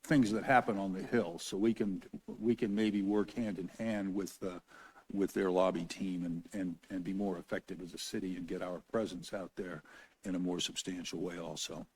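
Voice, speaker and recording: A man with a somewhat low voice chairs a council meeting in a formal, halting way. He restarts his phrases and repeats words as he gathers his thoughts. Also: fairly even intonation, darkish tone, husky. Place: council chamber.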